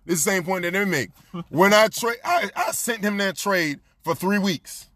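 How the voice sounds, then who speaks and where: A man telling a story in casual chat, animated and profane, laughing often and repeating lines for emphasis. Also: high voice, moderate pace, no room sound.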